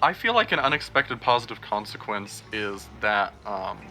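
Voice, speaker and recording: Bright-voiced man playing a tabletop game. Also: lowish voice, very animated, normal speed, soft background music. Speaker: player. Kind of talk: tabletop role-play.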